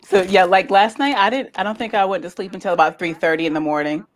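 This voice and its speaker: A woman guest in a casual interview, chatting in an animated way and laughing often as she tells stories. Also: medium pitch, fast, slight background noise. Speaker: guest, lifestyle content creator.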